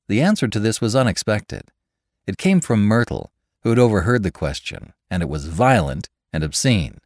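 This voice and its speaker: A man narrating a classic novel as an expressive audiobook reading. His voice sits low but moves a great deal in pitch. The recording is dry and close, with no room sound. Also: moderate pace, no room sound.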